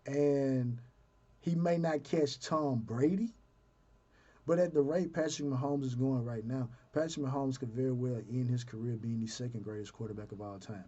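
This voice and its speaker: A man's voice: mid-range voice, moderate pace, mellow, breathy edge. A man giving casual solo sports commentary, talking his thoughts through with fillers and restarts. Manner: conversational, thinks aloud with fillers and restarts. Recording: dull lo-fi sound.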